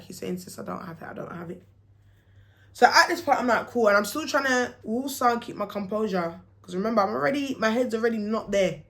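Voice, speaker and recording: Young woman, casual storytime vlog, animated, slangy, plays out the dialogue. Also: medium pitch.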